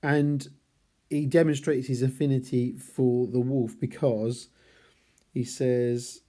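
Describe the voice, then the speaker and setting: A man's voice: mid-range voice, level tone, takes it slowly, mellow. A man teaching literature, talking through a novel chapter by chapter, thinking aloud with hesitant restarts.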